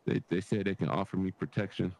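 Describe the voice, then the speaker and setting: A man's voice: low-pitched, fairly even intonation, fast talker, creaky, darkish tone, no echo. A man playing a blind young man stuck in prison who rambles and stammers defensively in casual role-play chat. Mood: sheepish. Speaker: game character.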